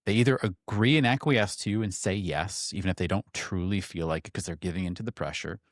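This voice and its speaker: A low-voiced man co-hosts a podcast and cuts in with earnest, animated points. He is recorded close and dry. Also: quick pace, no echo. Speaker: podcast co-host. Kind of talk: casual discussion.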